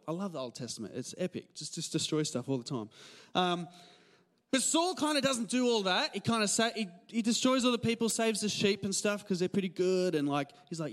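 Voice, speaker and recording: A male pastor in his thirties with an Australian accent, giving a casual, animated sermon full of stories and laughs. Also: sits high, normal speed, big-room sound. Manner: conversational, animated storytelling with laughs. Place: church hall.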